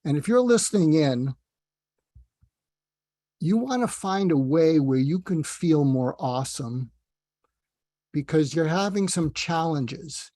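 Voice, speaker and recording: A man's voice: fairly high pitch, lively intonation, slow pace, pauses often, warm tone, dry recording, studio quality. A man speaking as a psychiatrist guest on an interview, rambling and self-deprecating, telling stories with asides. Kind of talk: casual interview talk.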